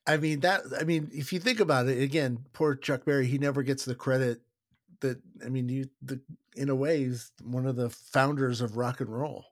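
A man's voice: medium pitch, fairly even intonation, moderate pace. A man hosting a podcast, reflecting casually and asking follow-up questions. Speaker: podcast host. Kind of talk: casual interview chat.

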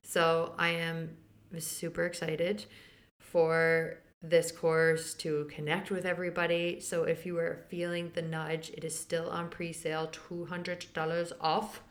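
A woman with a monotone voice and measured pace hosts a spiritual podcast, casually chatting about her week and the courses she runs. She teaches the Akashic Records, laughs frequently, and quotes others in a raised pitch.

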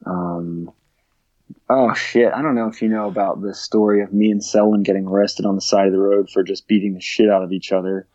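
A man's voice: fairly low pitch, steady tone, a little fast, dark tone, dry recording. A young man telling wild stories in casual chat, laughing often and swearing freely. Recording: dull, dry lo-fi sound.

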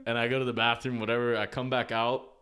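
A man's voice: medium pitch, flat delivery, fast. A young man telling a story in a casual podcast chat, laughing often, acting out the people he met, in a slangy, profane way.

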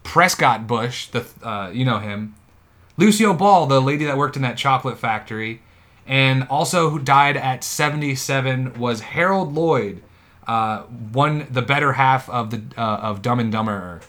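A man hosting a comedy podcast, rambling in a deadpan way through deliberately wrong facts. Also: medium pitch. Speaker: podcast host. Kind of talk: casual comedy chat.

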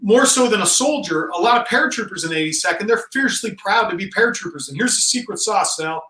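A man's voice: expressive, fast, pushed and bright, reverberant, distant mic, rough recording. A man in his forties, an army general, talking earnestly and emphatically in a conversational interview. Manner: emphatic and earnest, rising in pitch as he stresses points. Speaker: Army general, podcast guest.

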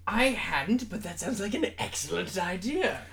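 A man plays a grandiose male rock singer convinced he is a god, booming and theatrical in a put-on British accent. The voice sits a little high for a man and rolls out every line with lofty self-importance. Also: big pitch swings, normal speed, creaky, crowd noise, exaggerated voice. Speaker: mock interview guest. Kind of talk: improvised comedy interview.

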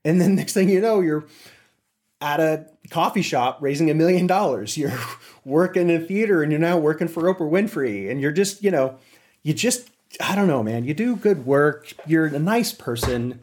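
A man telling a story in an interview, with animated delivery and frequent restarts. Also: a little high, moderate pace. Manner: animated, acts out quotes with voices. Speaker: interview guest. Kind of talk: casual storytelling.

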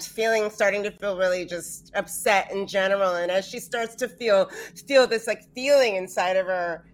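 A woman player in a tabletop game, animatedly describing what her character does. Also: medium pitch. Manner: animated storytelling.

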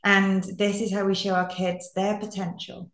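A woman's voice: medium pitch, flat delivery, moderate pace. Woman, podcast host, reflective, affirming, laughs easily, echoey room. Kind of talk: casual podcast conversation.

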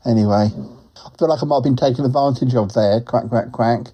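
A man's voice: medium pitch, brisk, mellow, slightly rough, close to an everyday voice. A man doing Ozzy, a quacking talking duck. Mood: chatty. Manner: rambling and giggly, tacks quacks onto his sentences. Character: chatty, good-natured male talking duck on his travels. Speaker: roving reporter. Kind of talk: comic character monologue.

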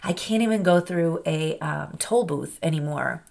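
A woman with a slightly low voice talks straight to her podcast listeners in a personal, confessional way. She is candid and heartfelt, and her sentences ramble and circle back on themselves. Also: unhurried, vocal fry, darkish tone. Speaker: podcast host.

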